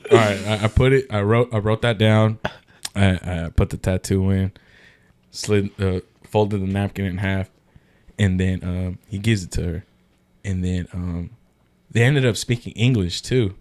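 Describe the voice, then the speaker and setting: Slangy young guy with a low voice. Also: fairly even intonation, measured pace, darkish tone. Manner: slangy, swears freely, acts out quotes in other voices. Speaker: podcast guest. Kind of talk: casual storytelling chat.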